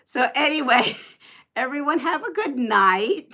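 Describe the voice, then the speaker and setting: A woman's voice: high voice, expressive, a little slow, bright, forceful tone. A woman hosting a casual livestream who counts aloud, laughs easily, exclaims often and slips into Spanish phrases. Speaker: livestream host.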